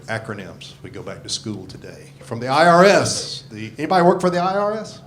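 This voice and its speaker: A man's voice: mid-range voice, very animated, a little fast, crowd noise. A man in his sixties doing a profane, self-deprecating stand-up set into a handheld microphone on a comedy club stage. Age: 60s. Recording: live comedy club with audience laughter.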